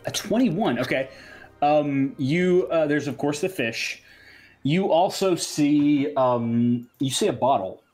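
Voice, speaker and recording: A man running a tabletop game as game master, narrating with many pauses and fillers and laughing often. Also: on the high side, darkish tone, soft background music. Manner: rambling, hesitant, laughing often.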